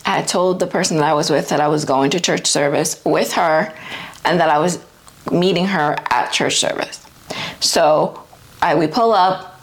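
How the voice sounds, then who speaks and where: Lower-voiced woman telling a story. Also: fairly even intonation. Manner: laughing, quick agreeing interjections. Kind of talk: casual chat.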